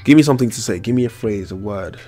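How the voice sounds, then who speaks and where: A man's voice: on the low side, expressive, fast, warm tone, faint music behind. A man with an African accent hosting a casual podcast chat, rambling and repeating his phrases. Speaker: podcast host.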